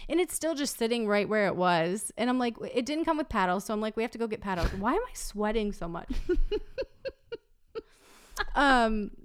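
A woman telling a story in casual chat, animated and laughing often, acting out what people said. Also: fairly high pitch, normal speed, long pauses, smooth.

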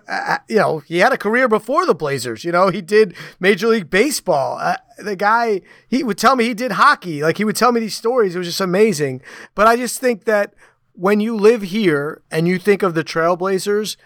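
A man from New York co-hosting a sports podcast, speaking haltingly with many fillers. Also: high-pitched, lively intonation, no echo, studio quality. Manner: halting, many fillers, softens at ends of thoughts. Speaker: podcast co-host. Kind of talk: casual podcast chat.

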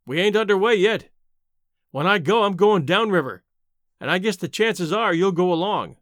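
A man's voice: sits high, animated, moderate pace, a bit bright, no echo, studio quality. A man voicing a cocky, nonchalant young prospector who speaks in a drawl.

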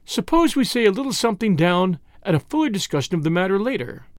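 Give me a narrator putting on a poised, teasing young woman, light and raised in pitch. She stays calm and smiles through every line. The room is dry, with no echo. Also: fast. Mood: sweetly poised. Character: clever, cheeky young woman, coolly bluffing.

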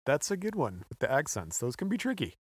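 A man's voice: a little high, huge pitch swings, brisk, slightly rough, no echo, studio quality. A man co-hosting a podcast, retelling a story in an offhand, joking way. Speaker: podcast co-host. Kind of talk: casual chat.

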